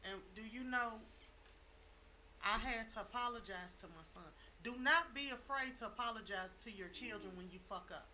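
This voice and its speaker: A middle-aged woman on a talk show with a high, very bright, ringing voice. She drives her points home by repeating them with preaching-style emphasis. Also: normal speed, slight background noise. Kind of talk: casual chat.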